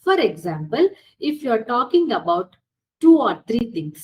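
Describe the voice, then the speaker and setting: A young woman teacher with a Telugu accent, explaining slowly, repeating each point and answering her own questions. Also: fairly high pitch, sing-song, a little hiss or hum, poor audio. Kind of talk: classroom lesson.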